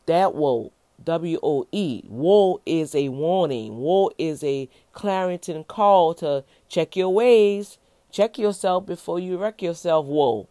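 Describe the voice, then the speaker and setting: A woman's voice: on the low side, animated, slow, warm tone, dry recording. A woman in her fifties giving an informal devotional teaching as a minister, emphatic and folksy, repeating words for stress. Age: 50s.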